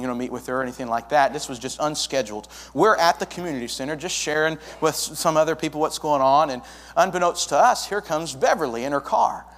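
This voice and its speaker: Young guy giving a folksy church testimony, middle pitch, big echoey sanctuary. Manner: folksy storytelling, acts out dialogue. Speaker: church planter pastor. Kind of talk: testimony to a congregation. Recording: long hall reverb.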